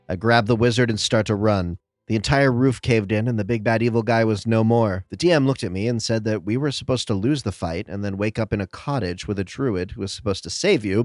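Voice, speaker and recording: A man hosting and reading out funny game stories as scripted narration, with lively comic timing and dramatic pauses. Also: on the low side, dry recording, studio quality. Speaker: host.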